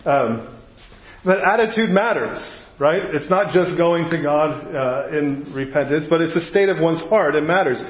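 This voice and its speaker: A middle-aged male pastor preaching with a slightly higher-pitched voice, chatty and anecdotal, often breaking off into asides. The sound is roomy and a bit dull, as if picked up in a large sanctuary. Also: unhurried. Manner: conversational, anecdotal, self-interrupting with asides. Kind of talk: sermon.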